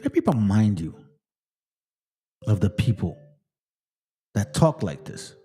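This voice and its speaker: Emphatic streetwise man with lively pitch. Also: slow pace, slightly rough. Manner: emphatic and streetwise, checking in with the listener. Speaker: host. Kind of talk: Bible study commentary.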